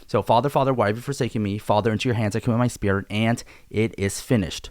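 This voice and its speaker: Casual male Bible teacher, slightly low voice, dry close recording, easygoing and chatty. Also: steady tone, quick pace, darkish tone, no room sound. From Korea. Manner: laid-back, chatty, conversational teaching. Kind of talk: casual Bible study video.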